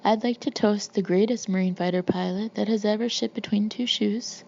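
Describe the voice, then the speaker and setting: A woman's voice: mid-range voice, steady tone, normal speed, vocal fry, highs cut off. Woman reading as brash swaggering Marine colonel. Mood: boastful. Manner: loud, boastful, mocking.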